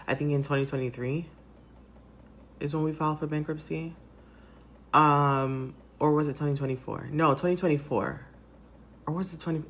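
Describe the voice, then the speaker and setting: A woman in her thirties from the United States, tearful from crying, talking softly and haltingly in a personal vlog. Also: very deep voice. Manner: soft, halting, rambling with fillers. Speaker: vlogger.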